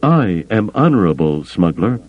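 A man's voice: low-pitched, big pitch swings, unhurried, pitched above the performer's own voice. Male narrator putting on a raised, hissing voice for a vicious furred alien counselor, dull lo-fi sound. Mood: snarling. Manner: hissing, snarling.

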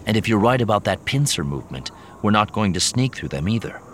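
A man voicing a calm young male hero who reasons quietly and evenly. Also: fairly low pitch, fast talker, slight background noise, voice pushed up.

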